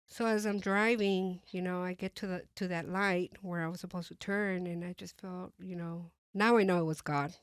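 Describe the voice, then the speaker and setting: Low-voiced woman telling her testimony. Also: steady tone, moderate pace, hardly any pauses, clean tone, no room sound, studio quality. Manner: hesitant, many fillers and restarts, softly re-enacts her own thoughts. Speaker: guest sharing her testimony. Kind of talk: personal testimony in conversation.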